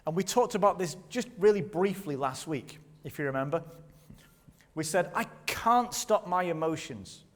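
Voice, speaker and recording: A man preaching a sermon as pastor, talking to the congregation in a lively, conversational way with plenty of rhetorical questions. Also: a little high, moderate pace, in a large hall. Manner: leads the congregation in call-and-response. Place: church hall.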